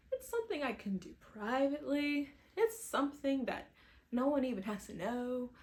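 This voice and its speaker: A woman's voice: a little high, vocal fry, a little hiss or hum. A young woman chatting casually to camera, telling a personal faith story and acting out her own past thoughts. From New England, US. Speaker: vlogger sharing a faith testimony.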